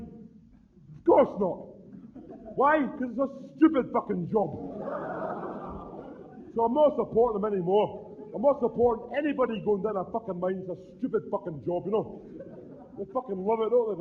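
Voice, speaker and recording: A man's voice: high-pitched, animated, normal speed, long pauses, narrow, tinny audio, slight background noise. Profane Scottish man ranting on stage. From Scotland. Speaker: stand-up comedian. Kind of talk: stand-up routine.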